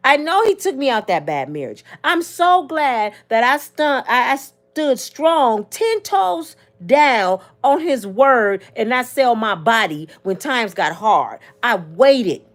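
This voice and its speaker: A woman talking straight to camera in an animated, preachy opinion monologue, acting out quotes as she goes. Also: slow, hardly any pauses. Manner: expressive, preachy, acts out quotes in a sliding pitch. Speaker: commentary vlogger.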